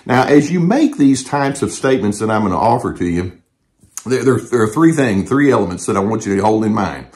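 An older man and therapist giving calm, measured advice to the camera, with frequent fillers and restarts. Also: lowish voice. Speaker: therapist and channel host.

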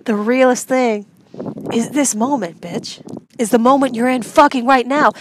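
A young woman filming herself outdoors at a rainy baseball field, rambling and swearing, her voice jumping from loud outbursts to near whispers. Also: fairly high pitch, expressive, slow pace, long pauses, a little hiss or hum. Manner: profane, rambling, swings from shouting to whispering. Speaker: vlogger. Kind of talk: rambling comedic vlog monologue.

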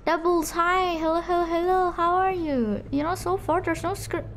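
A young woman streaming a game live, teasing her chat and breaking into shrieks and shouts. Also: extremely high pitch, steady tone, moderate pace, a little hiss or hum. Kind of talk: live gameplay commentary.

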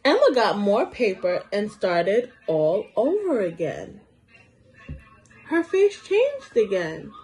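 A young woman teacher reading a storybook aloud to small children, slow and encouraging, asking them questions as she goes. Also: medium pitch, huge pitch swings, a little mellow, rough recording. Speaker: preschool teacher.

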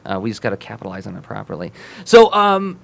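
A man hosting a casual comics podcast, talking quickly and eagerly with frequent restarts. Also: low voice, steady tone, creaky. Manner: enthusiastic, talks fast with many restarts. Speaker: podcast host. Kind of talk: casual chat.

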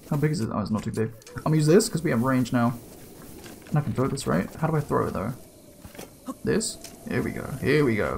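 A man giving casual gameplay commentary, excitable and slangy, swearing and yelping as he plays. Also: fairly high pitch, vocal fry. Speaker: let's play gamer.

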